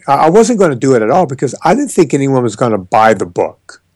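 Animated, joking man on a dry mic. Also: medium pitch, no echo. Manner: animated storyteller, emphatic and joking. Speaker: guest, fitness trainer and author. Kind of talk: casual podcast interview.

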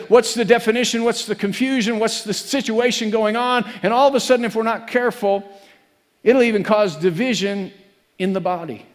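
A man preaching a sermon as pastor, earnest and repetitive, building to emphatic peaks. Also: sits high. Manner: earnest, repeats phrases, rises to emphatic peaks. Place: church sanctuary. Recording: long reverb of a church hall.

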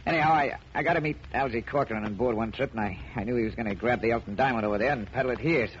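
A battered card sharp, played by a man, stammers out slangy pleas for help. The sound is a muffled old radio broadcast. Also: mid-range voice, very fast, slight background noise, close to an everyday voice. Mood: pleading. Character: battered male card sharp, nervous and pleading. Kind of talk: 1940s radio acting.

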